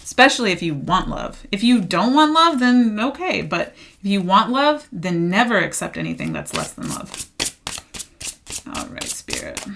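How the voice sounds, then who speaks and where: A woman's voice: mid-range voice, huge pitch swings, moderate pace, a bit bright, slight background noise. Chatty emphatic woman reading tarot. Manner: chatty and emphatic, repeats phrases, laughs often. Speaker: tarot card reader. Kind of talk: casual tarot reading for viewers.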